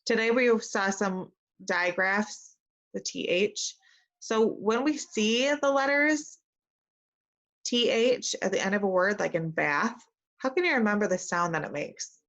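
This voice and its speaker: A woman teacher giving an early reading lesson to young children, reading sentences slowly and modelling how to sound out words. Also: mid-range voice, a bit bright. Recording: dull lo-fi recording.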